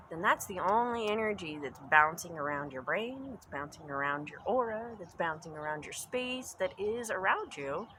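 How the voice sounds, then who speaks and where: In a basement room at home, a woman who vlogs about pagan spirituality offers a casual, earnest reflection in a mid-range, animated voice at a moderate pace with few pauses. She rambles, repeats phrases for emphasis and drifts off into asides, with background noise audible.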